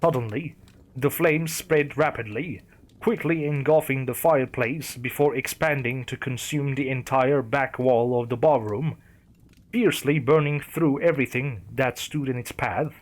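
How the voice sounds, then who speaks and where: A man's voice: medium pitch, normal speed. Man narrating a horror story.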